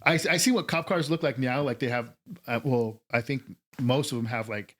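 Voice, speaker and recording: A man's voice: mid-range voice, moderate pace, a bit bright. A man telling a story as a podcast guest, laid-back and profane, acting out quotes from others. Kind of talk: casual storytelling.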